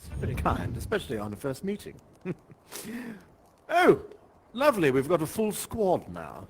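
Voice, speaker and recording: A man's voice: a little high, wildly swooping pitch, moderate pace, slight background noise. An actor playing a genteel, chatty male professor who guides visitors in a live virtual-reality performance, courtly and polite and chuckling often. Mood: genial. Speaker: live actor guiding players.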